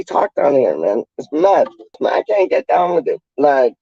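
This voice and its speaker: A man's voice: mid-range voice, big pitch swings, unhurried, vocal fry, husky, no room sound, lo-fi sound. A man from the UK hosting a casual livestream, reading out chat in a slangy, rambling, playful way. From United Kingdom.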